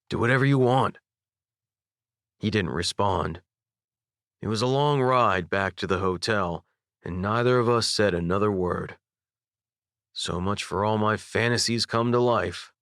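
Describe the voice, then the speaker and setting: A young man narrating a first-person audiobook with intimate, expressive storytelling. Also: on the low side, no room sound, studio quality. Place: dry recording booth. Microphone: studio microphone.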